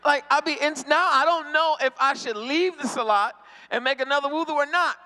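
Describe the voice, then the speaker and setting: A man's voice: extremely high pitch, brisk, pushed and bright, big-room sound. A man doing a stand-up comedy routine, acting out the voices of people in his stories. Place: convention hall stage.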